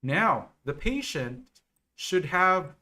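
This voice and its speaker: Man, nursing exam coach, live-stream lesson, slow careful explaining, lots of okay and right. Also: high voice, big pitch swings, pushed and bright.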